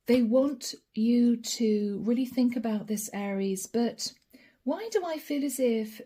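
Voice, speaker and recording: A woman's voice: fairly high pitch, moderate pace, dark tone. A woman giving a channeled tarot reading, talking straight to the viewer in a musing, reassuring way. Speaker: tarot card reader.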